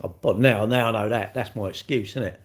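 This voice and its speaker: A man's voice: on the low side, brisk. An older man, chatting casually on a live stream, blunt and teasing as he answers comments. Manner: blunt, teasing banter with chat. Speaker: livestreamer.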